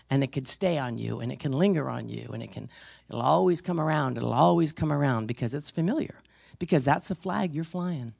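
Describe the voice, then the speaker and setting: A woman in her sixties preaching, rambling through personal stories and swinging from hushed to emphatic. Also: sits low, gravelly, dry recording.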